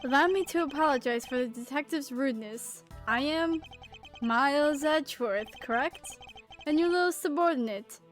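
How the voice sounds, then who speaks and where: A woman's voice: sits high, normal speed, soft background music, close to an everyday voice. Woman playing a sentimental doting old man. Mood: smug. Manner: sentimental, theatrical.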